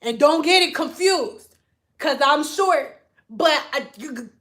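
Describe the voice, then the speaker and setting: A woman's voice: sits high, expressive, takes it slowly, fairly bright tone. A young woman from Detroit chatting casually on a livestream, rambling and laughing a lot as she talks. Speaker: vlogger.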